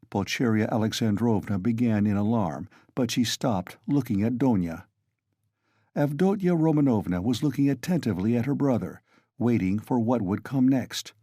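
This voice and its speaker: Dark-voiced male audiobook narrator. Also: lowish voice, moderate pace, no room sound, studio quality. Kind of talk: scripted narration.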